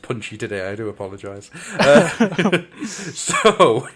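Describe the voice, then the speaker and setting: A man's voice: medium pitch, very animated, slow pace, a bit bright. A man hosting a casual podcast chat, playful and teasing, breaking into giggles. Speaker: podcast host.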